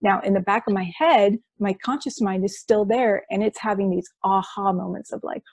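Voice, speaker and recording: A woman, a hypnosis practitioner, explaining her work with enthusiasm in a conversational interview, often listing things in quick runs. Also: medium pitch, darkish tone, no echo. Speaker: quantum healing hypnosis practitioner.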